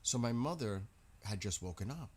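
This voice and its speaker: Low-voiced man chatting on a live stream. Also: expressive, normal speed, darkish tone, slightly rough. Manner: rambling, storytelling to chat. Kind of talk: casual live-stream chat.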